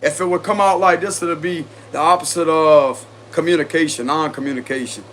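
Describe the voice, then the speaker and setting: A man's voice: a little high, steady tone, a little fast, a bit bright, a little hiss or hum. A man with a Cajun accent doing a casual tarot reading, chatty and confident, often repeating himself. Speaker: tarot reader.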